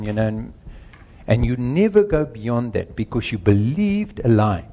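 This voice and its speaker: A man's voice: medium pitch, sing-song, normal speed, a little mellow. A middle-aged man preaching a sermon, earnest and emphatic, working through numbered points and speaking directly to the congregation. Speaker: pastor.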